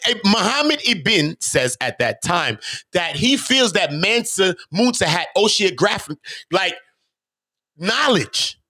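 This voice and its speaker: A man hosting his own channel, talking off the cuff to viewers in an emphatic, preachy way full of rhetorical questions, swinging from loud bursts to low mutters. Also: dry recording, studio quality. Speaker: channel host. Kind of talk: unscripted monologue to viewers.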